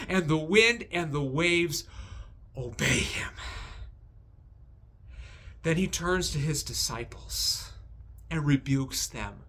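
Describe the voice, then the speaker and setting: A man with a fairly high, bright, forceful voice hosts a devotional recap. He talks slowly and deliberately. His storytelling is animated and emphatic. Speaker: devotional video host.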